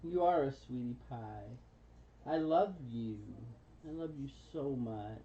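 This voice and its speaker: A woman chatting fondly with her pet bird at home, cooing pet names and laughing softly. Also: a bass voice, expressive, slow. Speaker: pet bird owner on a livestream. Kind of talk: casual chat with a pet. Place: indoors at home. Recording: dull lo-fi home livestream audio.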